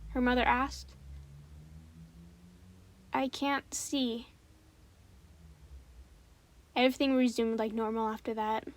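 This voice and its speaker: A woman giving a calm, measured scripted narration of a spooky story. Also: fairly high pitch.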